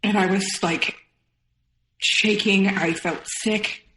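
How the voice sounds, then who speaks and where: A woman's voice: medium pitch, fairly even intonation, fairly bright tone, roomy sound, rough recording. Emotional woman retelling her story. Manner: emotional, quotes others in rapid retelling. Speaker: podcast guest. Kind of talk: personal story interview.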